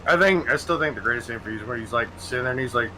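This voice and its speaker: A man hosting a gaming stream, chatting casually while he plays. He tells stories in an animated way, laughs often and swears freely. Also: mid-range voice, very fast, slight background noise, low-quality recording. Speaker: gaming channel host.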